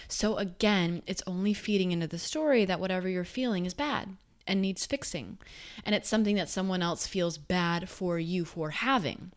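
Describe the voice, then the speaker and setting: A woman talking earnestly to camera in a casual, conversational way, turning emphatic one moment and soft the next. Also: medium pitch, moderate pace. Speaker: self-help speaker.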